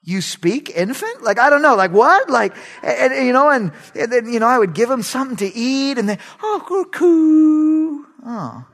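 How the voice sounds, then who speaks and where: High-voiced, animated male preacher. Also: a little fast, creaky, few pauses. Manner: animated preaching, swings from shouted lines to soft asides, laughs at own stories. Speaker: pastor. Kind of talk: sermon.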